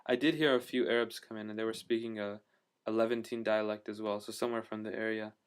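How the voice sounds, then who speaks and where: A man's voice: fairly low pitch, flat delivery, fast talker, smooth. A man telling a travel story in a casual video diary, rambling with lots of fillers and restarts, enthusiastic about what he saw. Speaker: travel vlogger.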